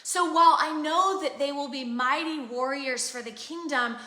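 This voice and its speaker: A woman's voice: sits high, moderate pace, pushed and bright. A woman in her thirties co-hosting a live faith chat, talking earnestly and emphatically like a preacher. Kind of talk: casual live conversation. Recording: roomy echo.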